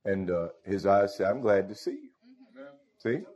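A man's voice: deep voice, unhurried, darkish tone, lo-fi sound. A male pastor preaching a sermon, calling out to the congregation and chuckling as he goes. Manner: call-and-response, asks the congregation "Huh?" often, chuckles.

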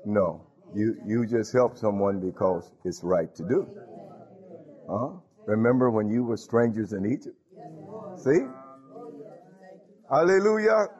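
A man's voice: lowish voice, unhurried, long pauses. A man preaching a sermon, laughing often and calling out to the congregation. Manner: animated preaching with frequent laughs and call-outs. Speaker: pastor. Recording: dull lo-fi sound.

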